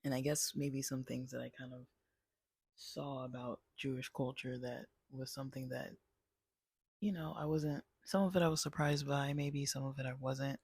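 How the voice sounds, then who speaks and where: A man's voice: medium pitch, little pitch movement, moderate pace, darkish tone, slightly rough, dry recording. A man casually reviewing a movie, rambling with many fillers and restarts. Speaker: channel host.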